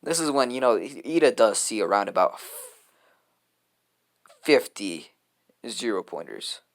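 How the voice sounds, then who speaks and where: A man's voice: on the low side, big pitch swings, unhurried. Rambling man telling a casual story. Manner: rambling, filler-heavy, offhand. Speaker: fan storyteller. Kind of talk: casual improvised story retelling.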